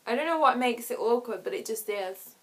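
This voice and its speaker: A woman vlogger chatting casually to camera, giggling often and acting out little awkward scenes with quick voices. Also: fairly high pitch, lively intonation, background noise.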